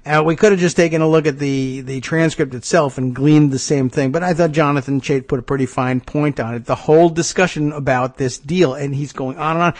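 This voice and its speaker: A man's voice: fairly high pitch, steady tone, fairly quick, few pauses. Sarcastic man riffing on the news. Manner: sarcastic, incredulous, reads aloud from an article; frequent restarts and fillers when riffing. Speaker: political talk show host. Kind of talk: casual political commentary.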